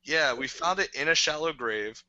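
A young man co-hosting a casual podcast, telling rambling, excitable stories. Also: a little high, normal speed, no room sound, dull audio. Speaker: podcast co-host. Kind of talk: casual chat.

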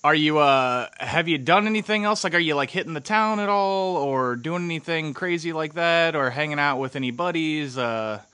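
A man's voice: a little high, lively intonation, normal speed, hardly any pauses, bright, forceful tone, smooth, no room sound. A young American man hosting a podcast, chatting in an easygoing, upbeat, joking way. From United States. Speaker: podcast host. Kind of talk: casual chat.

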